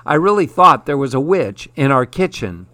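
A man's voice: mid-range voice, sing-song, moderate pace, bright, forceful tone, no room sound. A man voicing a timid, nervous young girl in a storybook.

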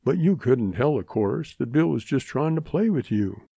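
A man's voice: mid-range voice, animated, normal speed, vocal fry, mellow, slightly rough, no room sound. A man doing a sly drawling young cowboy. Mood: mournful. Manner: folksy, feigned mournful. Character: young Texas cowboy, sly and smooth-talking.

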